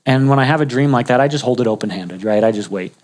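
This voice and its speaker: A man's voice: mid-range voice, fast, a little mellow. Man telling a humorous faith story. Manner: casual, humorous storytelling with many restarts and chuckles. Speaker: guest sharing a faith testimony. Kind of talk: personal storytelling talk.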